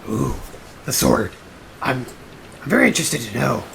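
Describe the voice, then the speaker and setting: A man's voice: medium pitch, very animated, normal speed, vocal fry, a bit bright, slight background noise. A man playing a tabletop game in a playful, goofy way. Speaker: player.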